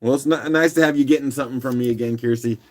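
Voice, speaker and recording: A man with a rough morning voice, hosting a live rock auction stream in a relaxed, chatty way and clearing his throat now and then. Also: medium pitch, racing. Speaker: livestream auction host. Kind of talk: casual live auction chat.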